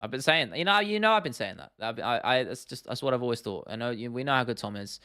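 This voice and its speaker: A man's voice: medium pitch, expressive, quick pace, sharp tone. A young man with a southern English accent, hosting a casual livestream, chatty and laughing often as he answers viewer comments. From southern England. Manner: chatty, laughs often, repeats himself, addresses chat as bro and lad. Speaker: MMA livestream host.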